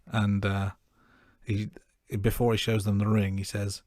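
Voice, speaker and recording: A man co-hosting a podcast, recapping a film scene by scene in a relaxed, self-deprecating way. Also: fairly low pitch, unhurried, dry recording, studio quality. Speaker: podcast co-host. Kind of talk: casual film-review chat.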